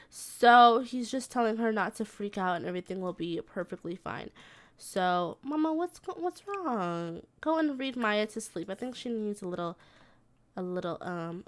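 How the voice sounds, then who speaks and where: Woman, mid-pitched, casual gaming commentary, mothering her characters. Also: a bit bright. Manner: chatty, slangy, scolds and coos at her game characters like a mom. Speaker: gaming video creator.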